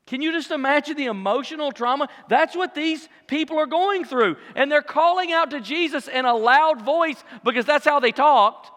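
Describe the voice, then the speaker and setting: High, bright-voiced preacher in a big hall. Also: male voice, moderate pace, few pauses. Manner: dramatic, swings between loud acted-out cries and hushed asides. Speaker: pastor. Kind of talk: sermon. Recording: long hall reverb.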